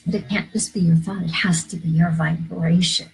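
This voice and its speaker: A woman's voice: lowish voice, steady tone, normal speed, gravelly, low-quality recording. A woman minister hosting a live inspirational talk, earnest and coaching, repeating key phrases to her viewers. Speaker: minister and live show host.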